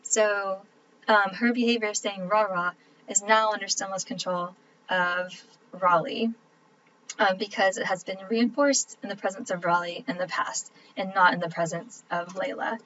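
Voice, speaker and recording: A woman's voice: medium pitch, fairly even intonation, moderate pace, fairly bright tone. Woman lecturing casually, slightly dull audio. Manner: casual, explanatory, frequent ums. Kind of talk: recorded lecture. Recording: dull lo-fi recording with faint background noise.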